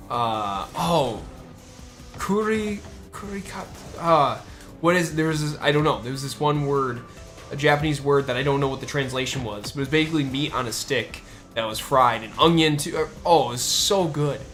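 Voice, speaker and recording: A man from the United States talks casually while streaming, his voice sitting at an ordinary middle pitch. He rambles, with plenty of fillers and restarts. Faint music plays quietly underneath. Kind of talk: casual chat.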